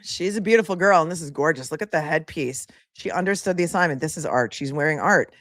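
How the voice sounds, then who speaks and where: A woman's voice: deep voice, quick pace, fairly bright tone, no echo, clean studio sound. A woman attorney hosting a live commentary stream, chatty and sassy, laughing often as she talks to viewers.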